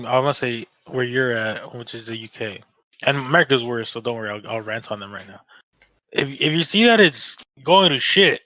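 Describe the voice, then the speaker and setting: A man's voice: mid-range voice, no room sound. A man in his late twenties from the United States, hosting a casual podcast and ranting with a lot of swearing. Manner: ranting, profane, animated. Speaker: podcast host. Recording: dull, lo-fi sound.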